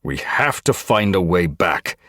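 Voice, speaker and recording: In a frustrated mood, a man voices a hot-tempered, bossy old tomcat leader who growls threats. He pitches above his own voice and exaggerates it, giving a low, sing-song, fairly bright delivery at a slightly slow pace. It is studio quality with no room sound.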